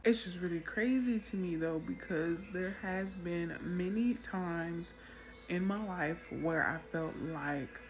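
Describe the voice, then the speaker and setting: Storytelling mother, low-ish voice. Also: slow. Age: adult mother. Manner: storytelling, animated when quoting her child. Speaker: Christian content creator. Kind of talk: casual testimony to camera.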